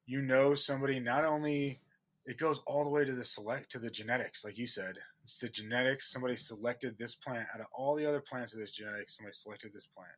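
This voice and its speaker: A man co-hosting a relaxed podcast, in a middle-pitched voice. He talks earnestly and circles back to repeat his points for emphasis. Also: quick pace. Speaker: podcast co-host. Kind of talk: casual chat.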